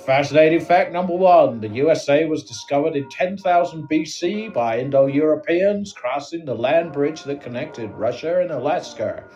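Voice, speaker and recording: A man's voice: mid-range voice, flat delivery, slow pace, few pauses, recorded from a distance, faint music behind, lightly acted. A man voicing an eager, folksy American presenter named Bob, hammy and overly chipper.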